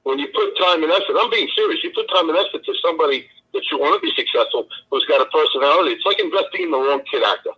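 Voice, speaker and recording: Male co-host, animated and husky, spins mob-flavored yarns on a live chat. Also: fairly high pitch, very fast, hardly any pauses, lo-fi sound. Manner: tough-guy mob banter, storytelling. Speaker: co-host telling stories. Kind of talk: casual live-stream chat.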